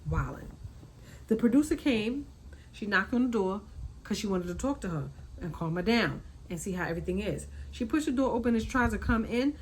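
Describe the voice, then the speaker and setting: A woman hosting a casual recap, talking in an animated way, repeating her points and acting out quotes. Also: mid-range voice, brisk, a little hiss or hum, low-quality recording. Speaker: reality TV recap host.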